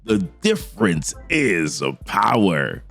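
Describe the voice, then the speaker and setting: A man's voice: on the low side, huge pitch swings, takes it slowly, gravelly, a bit bright, faint music behind, voice pushed down, full character voice. Matron Amala, a man voicing a haughty fanatic priestess. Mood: menacing. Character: fanatical female cult leader, haughty and menacing.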